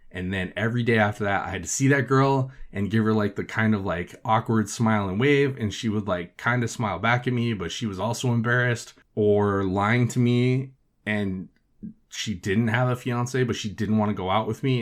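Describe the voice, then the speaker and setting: Casual male podcast host, lower pitch, loose and profane, lots of filler words. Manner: profane, filler-heavy with frequent "like". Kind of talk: casual storytelling.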